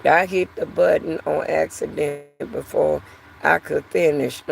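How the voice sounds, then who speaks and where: A woman's voice: sits low, steady tone, unhurried, gravelly, husky. A woman vlogger talking to her viewers in a casual, frustrated, repetitive way. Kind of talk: casual talk to camera.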